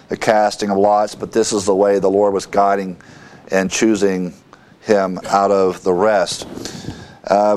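A man teaching a verse-by-verse Bible lesson, reading scripture aloud and explaining it with halting asides and fillers. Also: fairly low pitch, a little mellow.

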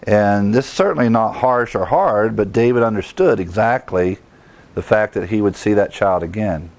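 A man preaching a sermon, emphatic and rising in pitch, chuckling now and then as a pastor. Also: moderate pace, a little mellow.

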